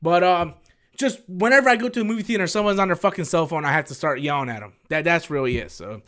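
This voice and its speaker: A man hosting a casual live-stream Q&A, rambling and animated as he answers viewer questions and swears freely. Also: on the high side, fast.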